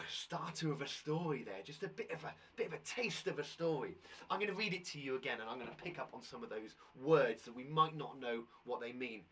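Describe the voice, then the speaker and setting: A man with a British English accent teaching a live online lesson for primary school children, talking straight to the kids at home and reading a story aloud slowly. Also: medium pitch, far from the mic. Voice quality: husky, animated.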